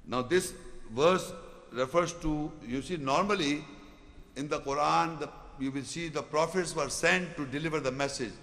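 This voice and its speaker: A man giving a Quran commentary lecture, reciting Arabic verses quickly and then explaining them in with repeated rhetorical questions. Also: fairly high pitch, a bit bright, long reverb tail. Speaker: Islamic preacher.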